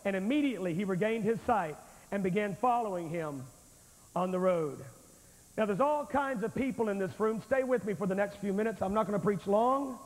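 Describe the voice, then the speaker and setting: A man's voice: high-pitched, animated, brisk. A man preaching a revival sermon to a large congregation, folksy and emphatic as he speaks straight to the crowd. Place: large church sanctuary with thousands present. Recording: reverberant hall on an old VHS tape.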